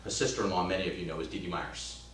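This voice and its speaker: A man in his fifties giving an emphatic motivational talk as a real estate trainer, swinging between loud urging and hushed storytelling. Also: sits low, fairly even intonation, very fast. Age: 50s. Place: training room. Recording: roomy, distant mic, faint hum.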